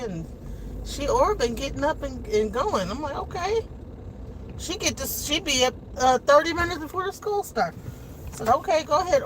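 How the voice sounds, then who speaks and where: Rambling, heartfelt mom in her forties talking to camera while driving, steady road noise. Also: high voice, low-quality recording. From Detroit. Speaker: vlogger and mother. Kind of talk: casual chat to camera. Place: inside a car on a school run. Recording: car road noise behind.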